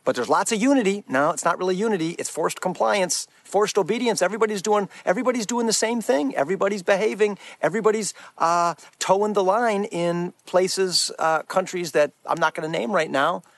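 A man's voice: sits high, brisk, hardly any pauses, fairly bright tone, no room sound. A man giving an earnest, emphatic preaching talk as a Christian speaker, restarting his phrases often.

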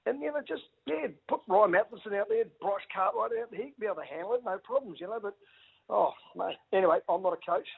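A middle-aged man, a former rugby league player, chatting excitedly as a radio guest, stumbling over restarts and calling everyone mate. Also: sits high, quick pace, vocal fry, husky. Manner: excitable, stammering restarts, says mate a lot. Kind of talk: casual radio phone interview. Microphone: phone. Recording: phone-line audio.

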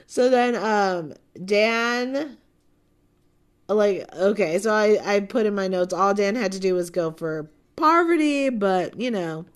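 A woman's voice: mid-range voice, lively intonation, a little slow. A woman hosting a casual recap of a reality show, chatty and gushing, full of fillers. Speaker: podcast host reviewing a reality show.

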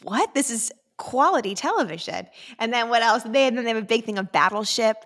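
A woman co-hosting a podcast who works as a fitness instructor, chatting casually with quick, teasing interjections. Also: on the high side, expressive, fairly bright tone. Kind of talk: casual chat.

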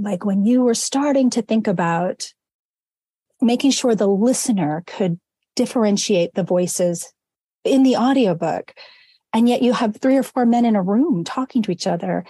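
A woman's voice: mid-range voice, animated, normal speed, warm tone, slightly rough, no echo. A woman hosting an interview, asking long, curious, winding questions. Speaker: podcast host.

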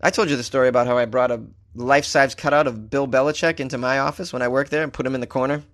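A man hosting a comedy talk show, telling a story casually, cracking jokes and laughing at his own lines. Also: very fast. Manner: wisecracking, laughs at his own jokes, animated shifts in pitch. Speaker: comedian podcast host.

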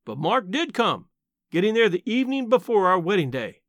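A man reading a short story aloud in an expressive storytelling manner. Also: high-pitched, brisk, no echo, studio quality. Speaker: narrator.

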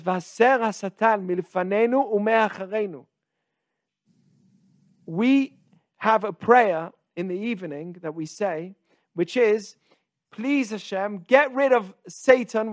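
A man a fairly high voice talks through a Jewish teaching on a podcast, loose and conversational, often restarting phrases and slipping into the taunting inner voice. The sound is dry and close, no room around it. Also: no echo. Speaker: podcast host teaching Torah. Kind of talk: informal religious teaching.

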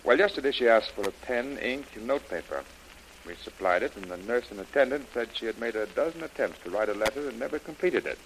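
An actor playing a grave hospital doctor, calm and clinical, in a hissy old radio drama. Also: male voice, mid-range voice, fast, natural voice, rough recording. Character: grave hospital doctor, middle-aged man. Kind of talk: 1930s radio drama acting.

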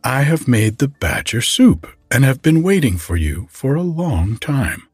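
A man putting on a sly, slow-talking badger. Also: medium pitch, very animated, darkish tone, slightly rough, no room sound, faint music behind, pitched above the performer's own voice. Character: sly male badger disguised as old woman.

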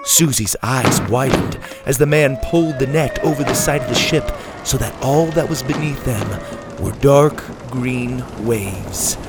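A man narrating a children's adventure storybook in a calm, expressive way. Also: medium pitch, unhurried. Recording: faint music behind.

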